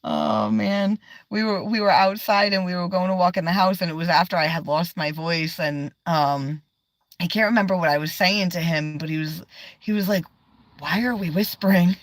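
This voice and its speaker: A woman's voice: on the low side, fairly even intonation, normal speed, no room sound, studio quality. A woman livestreaming from inside her car, chatting casually, swearing often and laughing a lot as she rambles.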